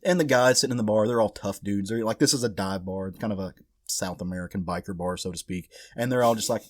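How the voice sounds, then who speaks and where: Man, podcast co-host, animated storyteller, dry close sound. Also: lowish voice, fast, hardly any pauses, dry recording. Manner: animated storyteller, swears, acts out characters. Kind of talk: casual comic book chat.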